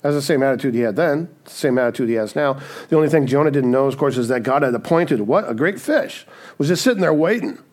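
Animated and fast, this pastor speaks in a medium pitch with a darkish tone. He keeps the sermon chatty, often asking "right?", and performs quoted voices in little asides.

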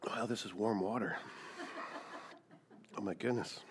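A man's voice: on the low side, fairly even intonation, measured pace, a little hiss or hum. A man preaching a sermon, emphatic, asking rhetorical questions and repeating key words. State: coughing, dry throat. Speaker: pastor.

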